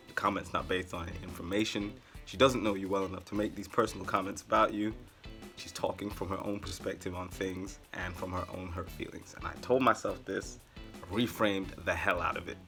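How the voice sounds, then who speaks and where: Deep-voiced man telling a story. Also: brisk, soft background music. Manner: animated, rambling, with sarcastic asides. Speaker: vlogger. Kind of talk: casual storytelling.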